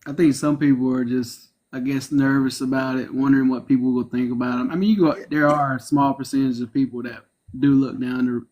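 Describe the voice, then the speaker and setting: A man's voice: medium pitch, fairly even intonation, a little fast, few pauses, darkish tone. A man co-hosting a live chat stream, easygoing and agreeable, often backing up the others with short replies. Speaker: co-host.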